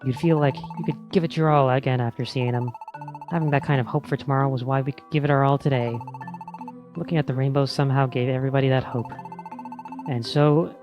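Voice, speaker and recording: A man's voice: medium pitch, fairly even intonation, a little fast, lo-fi sound, music in the background, close to an everyday voice. A man voicing an old townsfolk creature in a put-on Scots-style brogue, reading game dialogue aloud. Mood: wistful.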